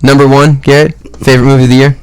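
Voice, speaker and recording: A young man co-hosting a podcast, talking about films in an animated, rambling way with lots of restarts. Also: mid-range voice, rapid-fire, smooth. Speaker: podcast co-host. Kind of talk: casual movie chat.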